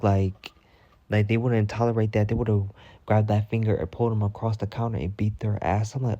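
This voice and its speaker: A man telling casual storytime anecdotes, profane and animated, with sudden high-pitched bursts when he quotes himself. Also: a little fast, no room sound, highs cut off. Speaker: storytime vlogger.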